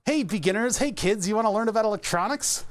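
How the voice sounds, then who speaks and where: A cheesy old-school electronics teacher, put on by a man. He sounds mock-enthusiastic and sits high in his range. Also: expressive, fast. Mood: mock cheerful.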